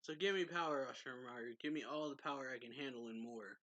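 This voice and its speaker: A man's voice: mid-range voice, fairly quick, sharp tone, natural voice. A man reading a brash young hero. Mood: pushy. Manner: pushy, insistent.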